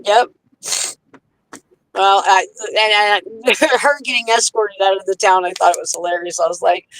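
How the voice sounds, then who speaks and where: Woman guest, heated, swearing freely, mid-pitched voice, acts out quotes in her story. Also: steady tone, moderate pace, a bit bright, low-quality recording. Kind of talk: casual chat.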